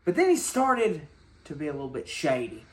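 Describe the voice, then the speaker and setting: A man voicing a boastful, petty wrestler obsessed with his money. His voice sits high and swings widely as he repeats his complaints over and over. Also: huge pitch swings, moderate pace. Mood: smug. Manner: indignant, boastful, repeats himself. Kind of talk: comedy sketch acting.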